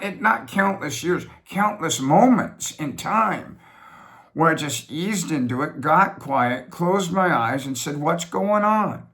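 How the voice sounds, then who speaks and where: A middle-aged man talking alone from his home office, rambling and repetitive, pressing his points hard and then slowing right down. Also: sits high, fairly bright tone. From United States. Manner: rambling, repetitive, emphatic with sudden slowdowns. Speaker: business funding host. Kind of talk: reflective monologue.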